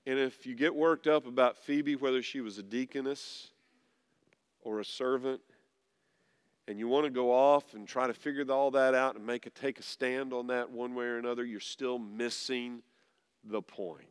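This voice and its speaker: A pastor preaching a sermon, dropping low and soft at times, then rising loud to press a point. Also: male voice, fairly even intonation, normal speed, clean tone. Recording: long reverb of a large hall.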